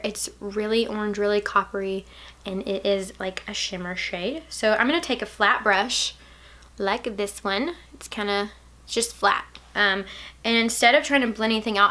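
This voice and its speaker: A young woman from Alabama with a Southern accent, chatting casually through a makeup tutorial, playful and drifting into soft asides. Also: medium pitch. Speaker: beauty vlogger.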